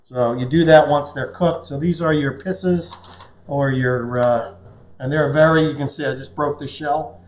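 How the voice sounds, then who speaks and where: A man's voice: a little high, fairly even intonation, unhurried. A man hosting a casual cooking demonstration in a kitchen, explaining things in a chatty way with small puns. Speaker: cooking show host. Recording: roomy, dull lo-fi kitchen sound.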